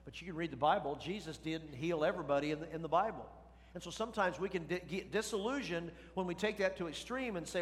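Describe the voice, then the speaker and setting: Middle-aged pastor preaching in a reverberant hall. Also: male voice, a little high, fast. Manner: conversational preaching with rhetorical questions. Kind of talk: sermon.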